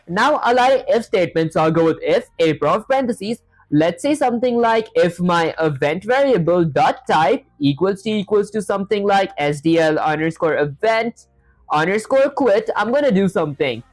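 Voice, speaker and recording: A streamer who is learning to code live talks through every step out loud and reads chat aloud, leaning on "honestly" and "that said." The voice is medium-pitched, with no room sound and a rough recording.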